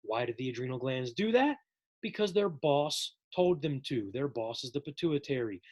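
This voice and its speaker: A man's voice: mid-range voice, expressive, normal speed, darkish tone. A man teaching a psychology lesson in a casual, jokey recorded lecture, addressing his viewers as folks.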